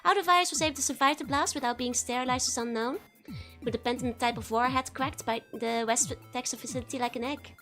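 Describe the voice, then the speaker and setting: A woman's voice: high voice, fairly even intonation, fast talker, a bit bright, soft background music. A woman streamer giggling and chatting as she reads a game text aloud on a casual livestream. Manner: giggly and chatty, laughs often between lines.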